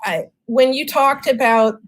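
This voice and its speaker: A woman co-hosting a comedy podcast, cutting in eagerly and animated. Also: high voice, unhurried. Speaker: podcast co-host. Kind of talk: casual comedic chat.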